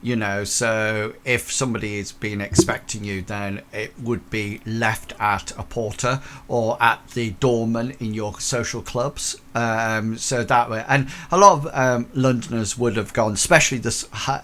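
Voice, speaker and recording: Male game master, rambling and halting, faint background hum. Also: fairly low pitch, pushed and bright. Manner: rambling, many fillers and restarts. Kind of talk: narrating a tabletop horror game.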